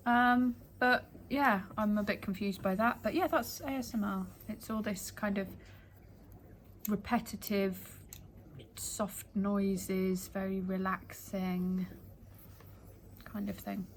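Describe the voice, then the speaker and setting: A woman in the client's chair at home keeps up a loose, rambling chat. She explains things in long, meandering stretches, full of fillers and little laughs. Her voice sits at a middling pitch, with faint room noise around her. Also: normal speed, hardly any pauses, poor audio. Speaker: client, the host's sister. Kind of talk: casual chat.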